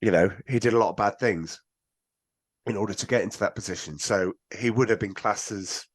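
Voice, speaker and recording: A man talking casually about a film on a podcast, rambling with restarts and lively asides. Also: on the low side, a little fast. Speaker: podcast guest.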